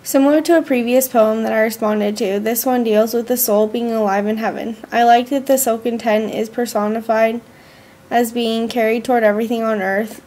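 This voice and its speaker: Student girl reading her journal out loud, kinda high voice, careful and slow. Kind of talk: reading a school journal aloud.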